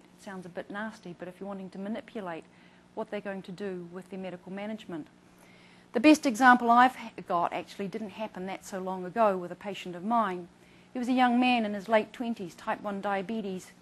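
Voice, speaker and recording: A woman's voice: medium pitch, low-quality recording. A middle-aged woman doctor gives an instructional talk about patient care. She speaks earnestly and tells case stories, acting out what her patients said. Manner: earnest, storytelling, acts out patient quotes. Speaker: doctor presenting to patients and providers.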